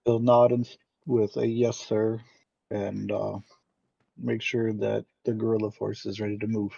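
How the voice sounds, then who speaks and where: A man plays a tabletop game, talking slowly and haltingly with a gravelly, mellow voice. The recording is dry and lo-fi. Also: fairly low pitch, flat delivery, no echo. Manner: halting, restarts. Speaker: player. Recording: dull, dry lo-fi mic.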